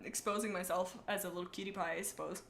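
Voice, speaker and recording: A woman streamer reading fanfiction aloud on a casual livestream, giggling and rambling through animated asides. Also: medium pitch, fast, vocal fry.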